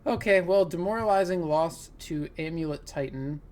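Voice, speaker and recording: A man comments live on his card game as a gaming content creator, reasoning through plays out loud and giving exasperated, laughing groans at bad luck. His voice is a little high and a little mellow, and he speaks at a moderate pace.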